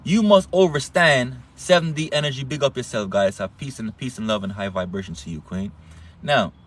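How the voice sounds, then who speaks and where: A man's voice: medium pitch, moderate pace. A man with an accent lectures in a casual, preachy way, swearing often, stressing and repeating words. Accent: non-standard English accent. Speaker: online health talk host.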